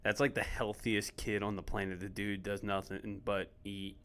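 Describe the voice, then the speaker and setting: A man's voice: on the low side, little pitch movement, normal speed, fairly bright tone, smooth. A man on a podcast telling a story in a brash, joking way, swearing casually. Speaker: podcast guest. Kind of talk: casual chat.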